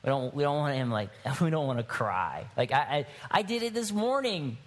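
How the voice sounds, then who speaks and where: A man's voice: sing-song, normal speed. A man preaching a sermon to his church, shifting from wry, conversational storytelling to emphatic, rising exhortation. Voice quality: bald-headed man, higher-pitched voice. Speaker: pastor.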